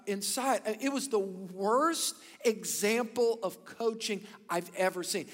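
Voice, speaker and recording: A man in his thirties preaching a sermon, telling stories with bursts of loud emphasis and hushed, whispered asides. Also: high voice, big-room sound. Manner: animated storytelling, swings between loud emphasis and hushed whispers. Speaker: pastor.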